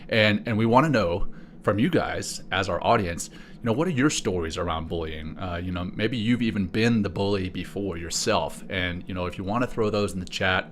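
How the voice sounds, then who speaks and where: A man's voice: low voice, a bit bright, slight background noise. A middle-aged man from South Africa, co-hosting a podcast and telling a personal story in a conversational way. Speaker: podcast co-host. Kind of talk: casual podcast chat.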